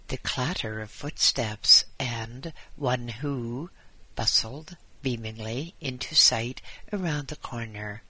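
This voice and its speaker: A man reading an audiobook aloud as its narrator, in a measured, deliberate way. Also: mid-range voice, sharp tone, husky, dry recording. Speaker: audiobook reader. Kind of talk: scripted narration.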